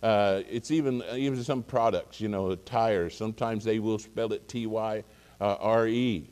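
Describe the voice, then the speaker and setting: Rambling preacher in a reverberant hall. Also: male voice, lowish voice, moderate pace, a little mellow. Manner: rambling, folksy, many fillers and restarts. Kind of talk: casual sermon anecdote.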